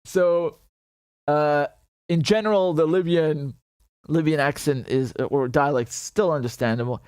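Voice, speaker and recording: A man's voice: fairly high pitch, a little slow, darkish tone, clean tone, dry recording. A man hosting a casual livestream, talking loosely, laughing often and breaking into Arabic phrases. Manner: chatty, laughs often, mixes Arabic and English. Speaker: show host.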